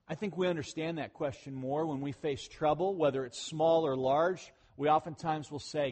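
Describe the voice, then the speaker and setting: Guy preaching, pretty high voice, chatty, gets loud then drops real quiet. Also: steady tone, normal speed, hardly any pauses. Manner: conversational, swings between loud emphasis and quiet asides. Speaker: pastor. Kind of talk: sermon.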